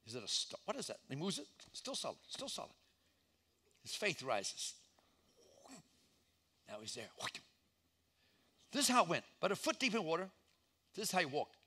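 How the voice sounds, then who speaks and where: Guy pastor preaching in church, bright punchy voice, swings all over, acts out the story. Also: a little high, big pitch swings, normal speed, long pauses, husky. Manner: dramatic storytelling, acting out voices, swinging from shouts to hushed lines. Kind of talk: sermon.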